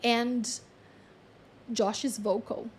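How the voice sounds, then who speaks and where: A woman channeling a story in a chatty, animated way, with lots of fillers and frequent laughs. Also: a little high, extremely slow, breathy edge. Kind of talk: casual storytelling.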